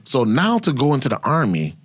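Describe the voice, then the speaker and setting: Man, podcast host, casual profane storytelling, lively pitch, dry close mic, laughs often. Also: brisk, slightly rough, dry recording.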